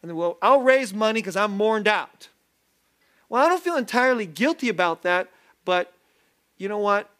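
A man preaching a sermon as pastor, lively and self-deprecating, often laughing as he talks. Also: sits high. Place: church sanctuary.

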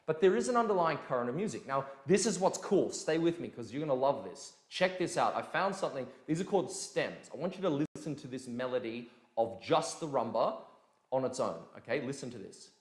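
A man teaching a dance lesson in a casual, energetic way, counting beats and demonstrating them out loud. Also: medium pitch, brisk. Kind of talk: live-streamed dance lesson, casual explaining. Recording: echoey room.

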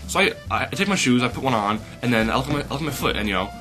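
A young man rambling excitedly through a comedy skit, his voice climbing into shouts as he gets carried away. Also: medium pitch, racing, faint music behind. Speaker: comedy sketch performer.

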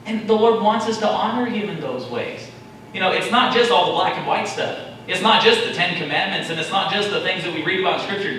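A male pastor preaches a sermon in a church sanctuary, acting out prayers in a raised, pleading voice that sits on the high side, brisk and a bit bright. The distant mic catches the echoey hall along with a little hiss or hum.

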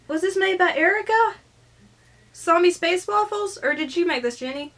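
A woman vlogger opening gifts on camera, gushing and excited, often tearful and soft-spoken. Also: very high-pitched, normal speed. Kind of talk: casual unboxing vlog.

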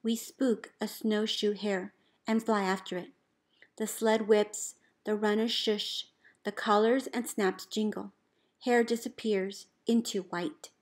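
A woman, a teacher, reading a picture book aloud in an expressive storybook voice, calling out the commands with gusto. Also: mid-range voice, takes it slowly. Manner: expressive, calls out dog commands loudly.

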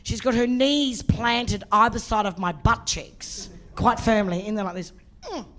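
A middle-aged woman doing a bawdy, energetic stand-up set on a comedy club stage. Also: fairly high pitch, measured pace. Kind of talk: live stand-up routine.

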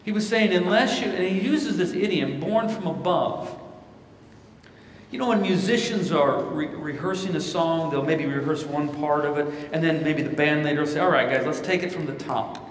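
Answering a live Q&A in a preaching style, an American pastor and keynote speaker from Missouri speaks at a moderate pace in a slightly high male voice. He tells stories and quotes scripture in lively voices. Captured from a distance in a large, echoey conference hall, the audio carries slight background noise.

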